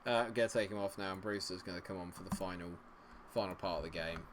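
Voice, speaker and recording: A man's voice: sits low, fast talker, noisy background. A man giving live commentary over a football management game, sarcastic and exasperated, swinging between grumbling and cheering. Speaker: gaming streamer.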